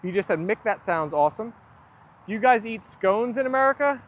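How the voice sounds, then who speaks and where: A man's voice: sits high, expressive, fairly quick. A young man hosting a casual livestream, chatting and reading viewer comments aloud. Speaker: livestream host. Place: outdoors near a garden.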